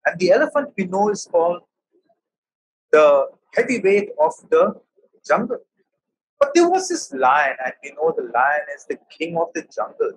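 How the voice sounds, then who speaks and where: A man's voice: high-pitched, big pitch swings, moderate pace, gravelly, slightly rough, low-quality recording. A man with an Indian English accent, a professor giving an emphatic motivational talk. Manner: emphatic, storytelling.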